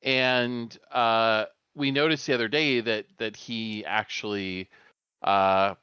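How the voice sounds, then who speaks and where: A man's voice: fairly low pitch, fairly even intonation, slow pace, sharp tone, smooth, dry recording. A middle-aged man co-hosting a podcast, chatting casually and rambling with lots of fillers and restarts. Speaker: podcast co-host. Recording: dull lo-fi dry sound.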